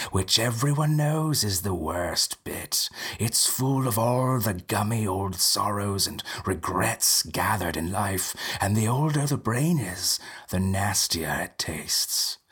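A man voicing a mechanical male storyteller who warbles theatrically to children, in a slow, breathy voice. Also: lowish voice, lively intonation, fairly bright tone, full character voice. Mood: gleeful.

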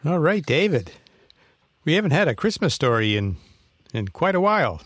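A man's voice: a little high, sing-song, normal speed, a bit bright, a little hiss or hum. A man hosting a podcast, running through the closing plugs in a friendly way and handing off to each co-host. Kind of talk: casual podcast outro.

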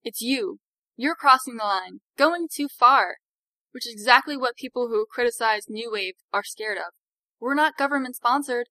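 A woman's voice: fairly high pitch, moderate pace, sharp tone, no room sound, rough recording. A woman voicing a sarcastic, principled young healer woman who lectures her sister. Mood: lecturing.

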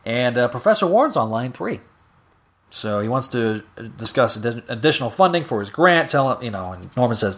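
A man's voice: medium pitch, big pitch swings, a little fast, a bit bright. A man hosting a podcast alone, casually recapping comic stories with many fillers. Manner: casual, filler-heavy retelling. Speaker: podcast host. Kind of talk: solo recap reading comics aloud.

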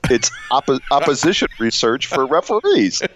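A man's voice: mid-range voice, very animated, normal speed, slight background noise. A man co-hosting a podcast, casual comedic banter, rambling and self-interrupting with frequent laughs. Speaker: podcast co-host. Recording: dull lo-fi dry recording.

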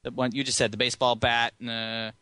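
Bright-voiced man, casual podcast chat. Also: mid-range voice, flat delivery, fast, clean tone, no echo. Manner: rambling, chuckles often. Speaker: podcast co-host.

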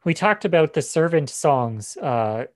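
A man's voice: on the high side, sing-song, unhurried, no room sound, studio quality. A man giving a Bible lesson, explaining passages with frequent fillers and restarts. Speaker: Bible teacher. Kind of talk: teaching session on scripture.

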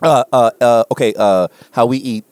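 A man's voice: mid-range voice, normal speed, clear, resonant tone, no echo. A man co-hosting a casual chat, telling a story animatedly with lots of swearing and acted-out voices. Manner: animated, profane, acts out voices while telling stories.

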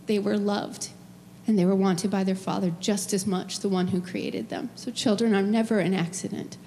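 A woman's voice: mid-range voice, warm tone, slight background noise. A middle-aged woman pastor giving an emotional, personal sermon in a church. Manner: emotional, tearful at times, personal storytelling. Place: church sanctuary. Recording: long hall reverb.

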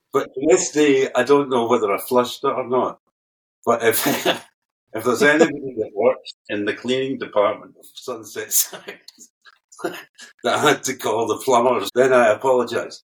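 A man's voice: medium pitch, measured pace, pauses often. Scottish man telling stories off-mic. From Scotland. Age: older. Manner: animated storyteller, laughs often, swears freely. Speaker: guest keyboard player. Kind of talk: casual anecdote telling. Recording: distant from the mic.

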